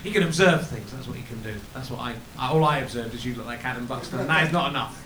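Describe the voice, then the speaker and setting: A man's voice: mid-range voice, fast. A man hosting a live podcast, joking and often laughing at himself. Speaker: podcast host. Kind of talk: casual chat before a live audience. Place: comedy venue with a live audience. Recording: echoey live room with crowd.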